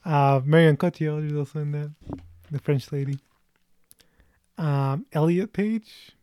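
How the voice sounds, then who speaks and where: A man's voice: a little high, unhurried, warm tone, clear, resonant tone, dry recording. A man in his twenties hosting a casual movie chat, chatty, with lots of fillers and laughter. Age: 20s. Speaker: movie reaction host.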